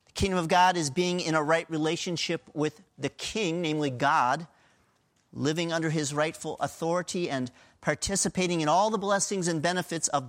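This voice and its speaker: Man, middle-aged pastor, sermon, conversational but emphatic, slightly high pitch. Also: fairly bright tone. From Pennsylvania, USA. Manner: earnest, emphatic preaching with a conversational tone.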